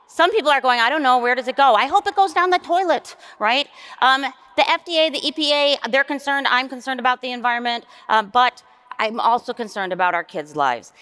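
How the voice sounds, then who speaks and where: Wry, lively woman lecturing. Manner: conversational and wry, with sudden high jumps in pitch. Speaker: nurse researcher giving a plenary lecture. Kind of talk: conference lecture.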